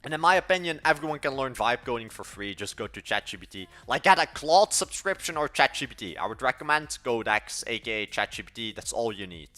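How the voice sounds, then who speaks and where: A teenage man from Belgium with an accent that blends several European sounds, talking to viewers on a live coding stream. His voice is bright and forceful, at a middle pitch, and he rambles, restarts sentences and states blunt opinions. Faint music plays underneath. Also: lively intonation, fairly quick, hardly any pauses. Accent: Belgian, mixed European-sounding. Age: late teens. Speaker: livestreaming coder. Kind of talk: casual livestream chat answering viewers.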